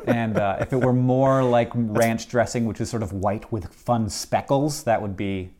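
A man's voice: mid-range voice, unhurried, a little mellow, a little hiss or hum. A man co-hosting a podcast in casual chat, playful, laughing often and restarting his sentences. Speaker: podcast co-host.

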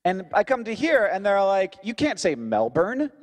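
An American man from Florida co-hosting a podcast in casual, animated chat, laughing often. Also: moderate pace. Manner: animated, laughs often, swings into high exclaims. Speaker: podcast co-host.

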